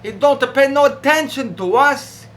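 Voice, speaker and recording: A man voicing a pack of exasperated, whiny male demons in a sermon, complaining in a shrill put-on voice. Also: a little slow, a bit bright, a little hiss or hum.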